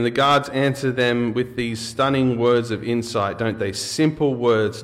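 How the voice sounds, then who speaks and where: A man's voice: mid-range voice, a little slow, few pauses. A man preaching a sermon, reading scripture aloud and then explaining it in an earnest, emphatic way with occasional fillers and restarts.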